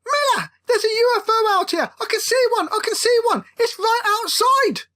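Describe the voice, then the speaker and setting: Woman putting on a frantic little man, shrill high yells, pompous, storybook comedy. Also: expressive, normal speed. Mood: panicked. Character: short panicky young man, a pompous small-time businessman.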